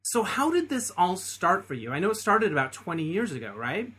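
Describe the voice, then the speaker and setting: A man's voice: high voice, big pitch swings, a little fast, pushed and bright, husky. A man hosting a podcast interview, chatty and enthusiastic, with frequent ums. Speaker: podcast host.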